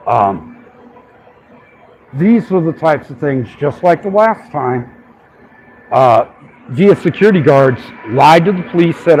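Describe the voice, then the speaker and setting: A man with a slightly higher voice speaks into a handheld phone on a city sidewalk, ranting in an irritated, profane way. His talk is casual and aimed at a livestream audience. Faint street ambience sits under the voice. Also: big pitch swings, takes it slowly, long pauses, a little mellow, slight background noise, poor audio. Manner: irritated, ranting, swears freely.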